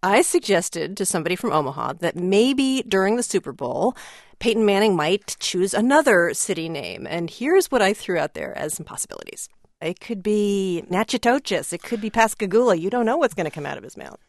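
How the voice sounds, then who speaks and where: A woman's voice: mid-range voice, sing-song, a little fast, vocal fry, no room sound, studio quality. A woman hosting a conversational radio news segment, chatty and self-deprecating.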